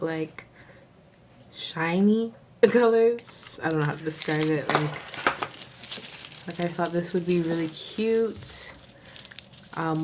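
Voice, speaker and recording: A woman with a Southern US accent chats her way through a haul, leaning on "like" and "um" and gasping with delight. Her voice sits a little low and moves slowly. The recording carries clear background noise and package rustling. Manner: chatty, filler-heavy, bursts into gasping excitement. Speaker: nail vlogger. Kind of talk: casual haul video chat.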